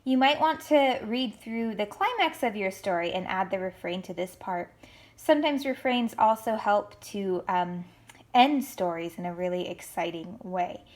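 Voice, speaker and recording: A woman teacher records a writing lesson for young students. She explains each step clearly and speaks in an encouraging way. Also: medium pitch, animated, a little slow.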